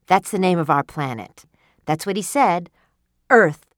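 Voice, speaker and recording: A woman's voice: fairly low pitch, expressive, measured pace, dry recording, studio quality. A woman voicing an eager, wondering alien wife who tells of a strange dream, in a read-aloud story. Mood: earnest.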